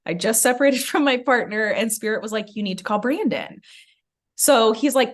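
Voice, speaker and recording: A woman's voice: a little high, normal speed. A young adult woman, a podcast host, telling a personal story in casual chat, filling her talk with "like" and acting out what others said. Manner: animated, many "like" fillers, acts out quoted lines.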